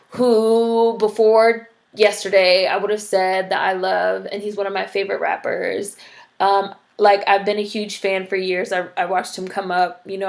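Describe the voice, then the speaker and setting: A woman vlogger giving a casual ranting commentary, blunt and profane, peppering her talk with "like". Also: mid-range voice. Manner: blunt, profane, filler-heavy with frequent "like".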